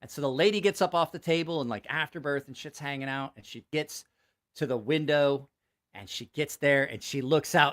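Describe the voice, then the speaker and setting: Host, male, slightly high and bright voice, animated, swears a lot and cracks himself up. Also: fairly quick. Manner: laughs at his own jokes, swears freely; animated joke telling. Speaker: channel host. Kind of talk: casual livestream storytelling.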